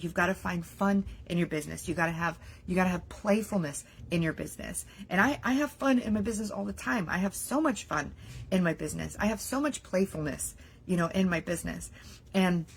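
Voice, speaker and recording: A young adult woman gives a casual, animated business-mindset coaching talk to camera, voicing worried inner thoughts and using "like" a lot. Her voice is on the low side, with a slight hiss or hum in the recording.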